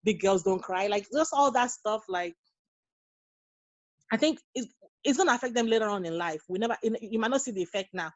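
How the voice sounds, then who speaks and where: A woman's voice: on the high side, brisk, long pauses, dry recording, poor audio. Earnest woman telling stories, dry sound. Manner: earnest, storytelling, acts out quoted dialogue. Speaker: guest, nurse and mother. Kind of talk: casual interview conversation.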